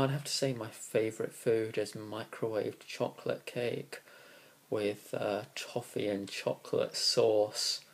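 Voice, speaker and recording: A husky, lowish male voice with vocal fry belongs to a young vlogger from Kingston upon Thames, England. In his southeast English accent, he casually answers a list of tag questions in a dry, sarcastic, rambling way.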